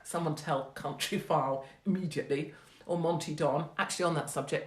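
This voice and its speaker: A woman's voice: low-pitched, animated, a little fast, a bit bright, echoey room. A woman in her forties hosting a rambling, casual monologue, blunt, profane and sarcastic. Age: 40s. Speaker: host.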